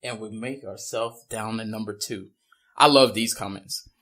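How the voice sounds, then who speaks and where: A man co-hosting a casual podcast, talking in an animated way, laughing often and slipping into goofy impressions. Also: fairly low pitch, normal speed. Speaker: podcast co-host.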